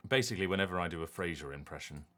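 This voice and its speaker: A man streaming a game and chatting casually, thinking aloud in an animated, rambling way. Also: deep voice, racing. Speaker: streamer and voice actor. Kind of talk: casual gaming stream chat.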